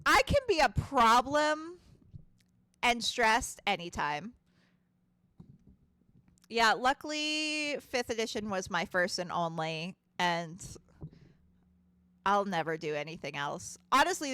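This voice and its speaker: A woman's voice: mid-range voice, bright, forceful tone, clear, resonant tone. A woman streaming a game, chatting casually, swearing freely and laughing often. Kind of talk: casual gaming commentary.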